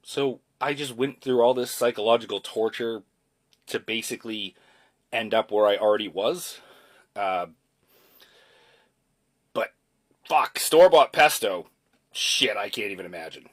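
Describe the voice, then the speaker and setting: A man's voice: lowish voice, steady tone, unhurried, long pauses. A man in his forties telling a personal story in a chatty, loose way, with casual swearing. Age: 40s.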